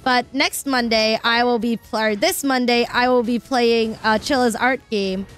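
A young adult woman chatting casually with her viewers while she plays a game, excitable and quick to laugh, cursing when things go wrong. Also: on the high side, faint music behind. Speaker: streamer. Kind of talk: casual live-stream chat while gaming.

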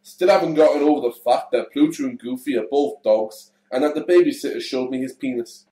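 A man's voice: mid-range voice, a little fast, warm tone, reverberant. A male co-host of a comedy podcast reading out silly tweets in a dry manner.

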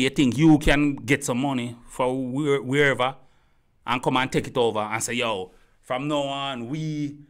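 A Jamaican man in a rambling monologue, talking straight at his audience. His heated delivery circles back to the same points again and again. His voice sits at an ordinary middle pitch and comes across bright and tense. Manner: heated, repetitive, addresses listeners directly. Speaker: commentator. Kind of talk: rambling opinion rant to camera.

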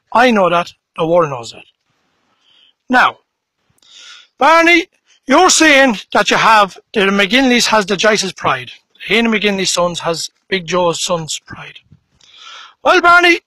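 A man's voice: high voice, bright, forceful tone, no echo, low-quality recording. A man outdoors in a bog records a mocking, repetitive challenge video. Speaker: bare-knuckle fight challenger.

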